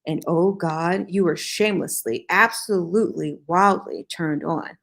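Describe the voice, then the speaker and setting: Woman host, lowish voice, unhurried dramatic read-aloud with wry asides. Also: vocal fry, a bit bright. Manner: slow, dramatic reading with joking asides. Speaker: host reading fan fiction aloud. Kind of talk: casual reading aloud with asides.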